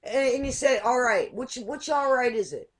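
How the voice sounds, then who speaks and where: A woman's voice: high voice, lively intonation, normal speed. A woman hosting a casual chat show, curious and asking question after question. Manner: curious, asks many questions. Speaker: host.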